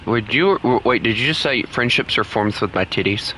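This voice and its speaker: Young male streamer, teasing and playful, very lively pitch, light noise underneath. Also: normal speed. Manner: playful, teasing, laughs often. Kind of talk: casual gaming stream chat.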